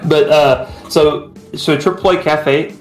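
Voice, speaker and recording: A man's voice: fairly high pitch, steady tone, slow. A man co-hosting a casual podcast, speaking in a laid-back, hesitant and rambling way. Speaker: podcast co-host. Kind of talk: casual chat. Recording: roomy echo, faint music.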